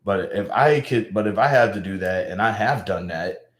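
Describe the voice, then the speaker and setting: A young man with a somewhat low voice talks loosely to his livestream chat. He rambles in halting bursts, restarting sentences and trailing off with sighs. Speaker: live streamer.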